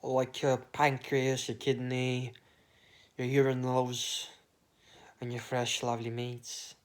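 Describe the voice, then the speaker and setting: A vlogger delivers a rambling comic monologue in a slow, monotone, mid-range voice. His thoughts drift into absurd tangents, with offhand swearing slipping in.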